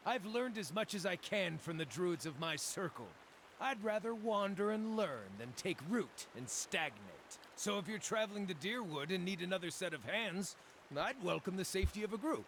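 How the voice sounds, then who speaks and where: An actor playing a cheerful, well-spoken wandering druid in a fantasy game, lively and hearty. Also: male voice, high voice, normal speed, slight background noise, full character voice. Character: cheerful wandering druid man, eats raw meat. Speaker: game companion character.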